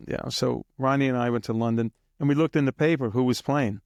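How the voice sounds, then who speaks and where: A man's voice: medium pitch, fairly even intonation, fairly quick, creaky, darkish tone, dry recording. A man guest on an interview, rambling through anecdotes and sometimes mimicking drum beats in a casual, chuckling way. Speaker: guest drummer.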